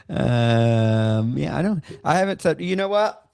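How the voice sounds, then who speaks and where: A man's voice: a little high, a little mellow, no echo, clean studio sound. A man hosting a casual livestream, rambling with many fillers and bursts of laughter. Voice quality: gravelly, creaky. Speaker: livestream host.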